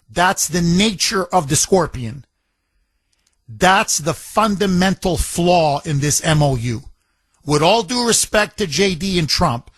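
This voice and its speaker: A man's voice: a little high, animated, slow pace, fairly bright tone, breathy edge, no echo. A man hosting a talk radio show, taking calls and telling a story emphatically, repeating phrases for effect.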